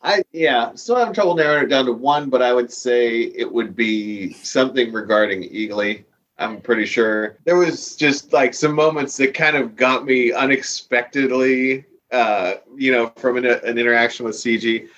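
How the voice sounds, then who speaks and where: A man's voice: medium pitch, normal speed, fairly bright tone, highs cut off. A man who is a guest on a podcast, chatting casually and rambling with many fillers. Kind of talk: casual chat.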